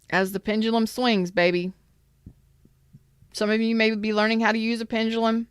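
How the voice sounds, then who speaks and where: A woman's voice: medium pitch, smooth, no room sound, studio quality. A woman giving a live tarot reading in a chatty, emphatic way and greeting viewers in the chat. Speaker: tarot reader.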